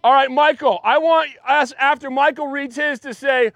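High-voiced joking pastor, dry sound. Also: male voice, fairly even intonation, normal speed, a bit bright, no echo, dull audio. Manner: chatty, joking, talks to the congregation. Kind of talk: casual sermon. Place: church.

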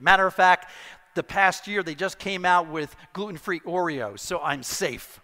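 A middle-aged male pastor preaching a sermon, telling a personal story with animated, self-deprecating humor. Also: high voice, a little slow. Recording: long hall reverb.

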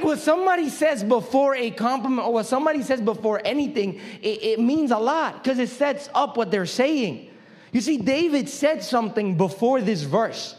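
A young man preaching a sermon as pastor, in a joking, animated, conversational way. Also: very high voice, moderate pace.

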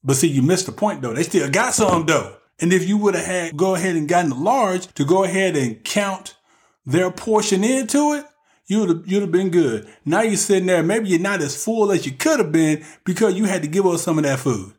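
A man's voice: high-pitched, lively intonation, moderate pace. A man giving casual relationship advice in a joking monologue, talking straight to the men listening.

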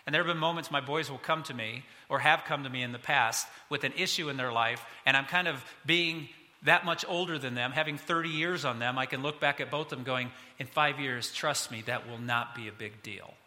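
A man's voice: fairly high pitch, brisk, pushed and bright. A man in his fifties, a pastor preaching a sermon in a conversational, self-deprecating way. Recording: long hall reverb.

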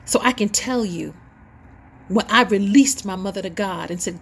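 A woman's voice: medium pitch, moderate pace, breathy edge. A middle-aged woman hosting her own show, preaching an impassioned, sermon-style testimony with rising and falling emphasis. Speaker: host and inspirational speaker.

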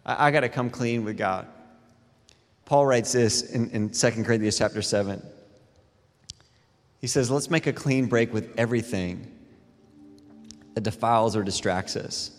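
A middle-aged man preaching a sermon as a pastor, telling animated, self-deprecating stories between scripture readings. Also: mid-range voice, normal speed, pauses often. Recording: long reverb in a large hall with faint music.

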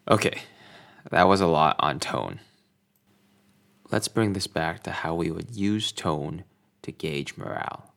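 Low slow guy explaining stuff in a lesson, calm and deliberate. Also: creaky. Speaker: instructor.

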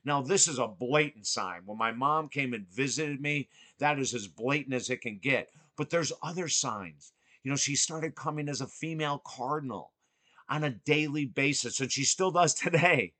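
A man hosting a podcast, telling a personal story earnestly and emphatically, swinging between excited and hushed. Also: medium pitch, normal speed, no echo. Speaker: podcast host.

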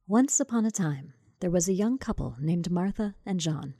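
A woman's voice: on the low side, animated, moderate pace, hardly any pauses, dark tone, dry recording, faint music behind. A woman narrating a comic fairy tale in a wry, scripted way, with conversational asides, recorded close to the mic. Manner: whispered intro. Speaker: storyteller.

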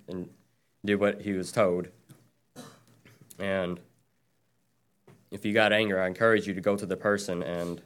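Lay preacher, very low and flat, plain and halting delivery. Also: male voice. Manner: plain, hesitant, reading scripture. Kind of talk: short Bible message.

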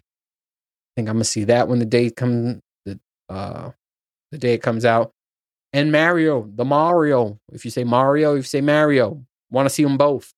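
A man's voice: medium pitch, darkish tone, no room sound, clean studio sound. Profane, rambling podcast man. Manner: rambling, profane, laughs at his own points. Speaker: podcast host. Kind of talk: casual solo chat.

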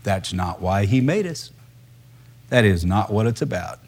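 A man's voice: on the low side, expressive, a little slow, darkish tone. A male pastor, preaching a sermon in a conversational, emphatic way full of rhetorical questions.

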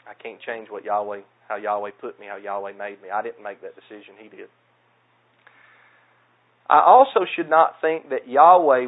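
A male pastor with a Southern US accent delivers a sermon in an earnest, plain-spoken, self-deprecating way. His voice sits at a middling pitch and comes through a thin, phone-like channel. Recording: tinny phone-like sound.

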